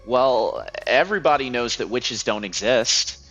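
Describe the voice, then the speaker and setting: A man's voice: mid-range voice, expressive, measured pace, fairly bright tone, faint music behind, poor audio. A man voicing a nervous, skeptical young male office worker who stammers and argues reasonably.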